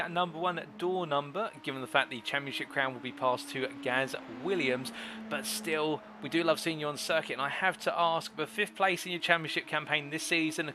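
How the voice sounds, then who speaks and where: A man's voice: on the high side, noisy background. A man hosting a live sim racing broadcast, interviewing drivers in formal, flowing commentary phrasing.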